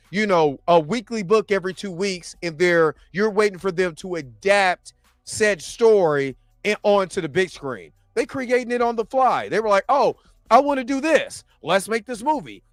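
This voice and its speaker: A man's voice: high-pitched, dry recording, clean studio sound. Laid-back man in casual podcast chat. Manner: laid-back, rambling, lots of fillers. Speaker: podcast co-host.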